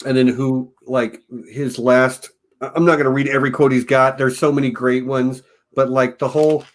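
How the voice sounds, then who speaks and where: A man's voice: mid-range voice, little pitch movement, normal speed. Man from Texas, enthusiastic podcast co-host. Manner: enthusiastic, quotes lines, laughs often. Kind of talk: casual film review chat.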